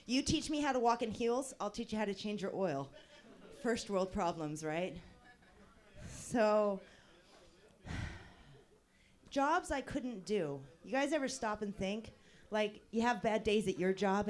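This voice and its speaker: At an open mic, a woman in her thirties does a stand-up set with a wry, deadpan delivery broken by bursts of laughter. Her voice sits in the mid range.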